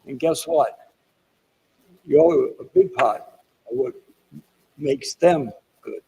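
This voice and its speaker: Older man with a Boston accent, gravelly and a bit husky, who digresses through stories at a keynote. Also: on the high side, takes it slowly, mellow, low-quality recording. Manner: digressive storyteller with asides and self-deprecating jokes. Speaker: keynote speaker. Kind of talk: rambling motivational speech. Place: conference hall.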